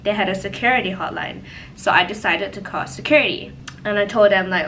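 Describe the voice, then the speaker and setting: Bright-voiced young woman telling a story. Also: mid-range voice, brisk, slight background noise, rough recording. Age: young adult. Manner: animated, lots of "like" fillers. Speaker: vlogger. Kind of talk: casual storytime. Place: home, indoors.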